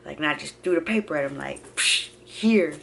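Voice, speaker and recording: A young woman telling a personal story to her viewers in a casual, animated way, acting out each quote. Her voice sits a bit low, and a faint noise hangs behind her. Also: rapid-fire, gravelly. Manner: animated, acts out quotes, addresses viewers as y'all. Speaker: vlogger.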